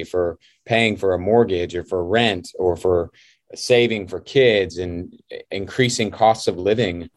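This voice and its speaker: A man with a fairly low voice speaks as a podcast guest. He is a pastor and author who tells stories earnestly and with animation. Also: darkish tone. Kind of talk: conversational interview.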